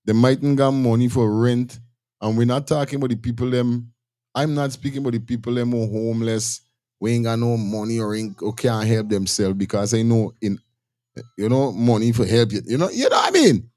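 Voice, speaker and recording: Blunt Guyanese man, mellow tone. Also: mid-range voice, a little fast. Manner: blunt, stammering restarts. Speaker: host. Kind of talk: casual commentary.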